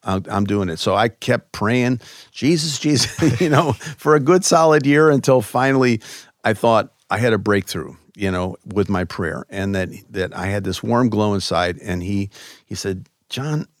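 A man from Chicago, a guest in an interview, telling stories in a loose, animated way with many fillers. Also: on the low side, moderate pace, no echo, clean studio sound. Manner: animated, lots of "you know" fillers. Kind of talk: conversational interview storytelling.

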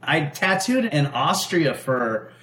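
A man's voice: fairly high pitch, sing-song, slow pace, a bit bright. A man, an actor being interviewed, talking casually with frequent laughs and rambling restarts. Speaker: guest actor.

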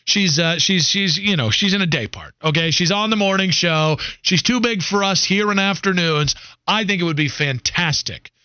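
A man hosting a sports radio show, talking in loose, teasing banter that wanders and pokes fun at himself. His voice sits high and sounds bright and forward. The sound is dry and a bit dull, like a lo-fi radio broadcast. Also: normal speed, clear, resonant tone, dry recording. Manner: joking, rambling, self-deprecating.

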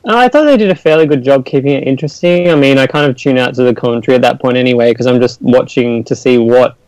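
A man's voice: medium pitch, quick pace, a little mellow, no room sound, low-quality recording. A man with an Australian accent co-hosting a podcast, hesitant with dry humour. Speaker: podcast co-host. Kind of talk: casual podcast chat.

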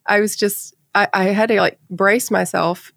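A woman co-hosting a nursing podcast, telling a candid story in casual chat and halting at the emotional parts. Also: medium pitch, steady tone, vocal fry, a bit bright, no room sound, studio quality. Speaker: nurse podcast co-host.

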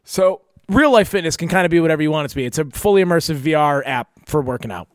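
A man's voice: fairly high pitch, expressive, quick pace, clean tone, no room sound, clean studio sound. A man hosting a podcast in casual chat, joking and swearing while he runs the segment. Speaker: podcast host.

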